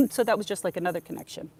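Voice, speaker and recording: A middle-aged woman hosts a podcast, chatting her way through stories in a casual monologue and acting out the conversations she retells. Her medium-pitched voice is lively in intonation and fast, with a little hiss or hum on the recording.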